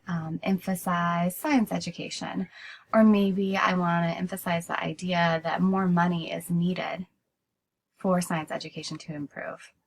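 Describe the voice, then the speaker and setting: Woman, writing teacher, recorded lecture, steady explanatory manner, slight background hiss. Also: lowish voice, low-quality recording. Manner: explanatory, steady, with frequent "so" restarts.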